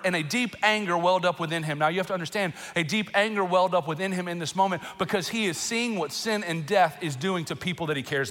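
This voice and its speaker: A man preaching a sermon as pastor, emotional and animated, with bursts of laughter and raised emphasis. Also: high voice. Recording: long reverb in a large hall.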